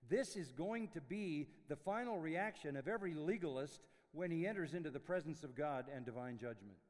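A man preaching a sermon in a university chapel, emphatic, swinging from loud declarations to hushed lines. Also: a little high, expressive, a little fast, big-room sound. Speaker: pastor.

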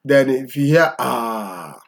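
A man teaching in a relaxed, chatty lesson. He is patient and keeps checking in with a quick okay? after each point. His voice is mid-pitched and the mic sits a little way off. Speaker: language teacher. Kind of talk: conversational language lesson.

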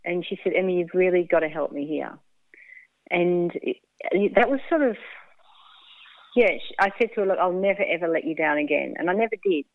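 A woman's voice: on the low side, lively intonation, fairly quick, dry recording. Woman on a tinny phone-like line. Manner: candid, laughs often, acts out quoted speech. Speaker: guest. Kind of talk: casual storytelling interview.

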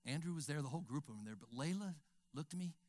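An older male pastor preaching a sermon, telling stories and acting out dialogue, swinging from whispers to shouts. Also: a little high, expressive, fast talker.

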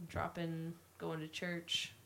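A woman's voice: on the low side, completely flat delivery, slow, gravelly, pushed and bright, slight background noise. A woman in casual family chat, rambling and full of "like" as she thinks aloud. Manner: rambling, many likes. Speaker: family member.

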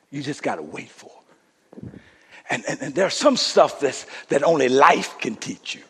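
Husky preacher man in a big hall. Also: a little high. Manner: call-and-response preaching, swinging from shouting to soft hush. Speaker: pastor. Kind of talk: sermon.

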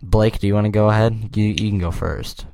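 A man's voice: fairly low pitch, steady tone, a little fast, gravelly, a little mellow, no echo. A man from Canada co-hosting a podcast in a playful, rambling, casual comedic chat. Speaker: podcast co-host.

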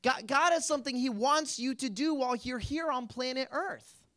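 A man's voice: very high voice, normal speed, bright, forceful tone. Chatty young man leading youth group. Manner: chatty, lots of "like", quizzes the group. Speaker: youth pastor. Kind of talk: casual youth group Bible talk.

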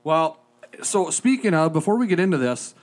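A man with a slightly high voice, chatting in a podcast studio. He tells stories with energy, slipping into the voices of the people in them. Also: moderate pace. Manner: animated storyteller acting out both sides of a phone call. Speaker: podcast co-host. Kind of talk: casual chat.

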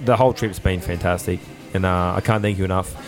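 An Australian man hosting a casual podcast interview in a coffee shop, chatty and full of quick restarts. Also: low-pitched, fairly even intonation. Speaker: podcast host. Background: faint café music.

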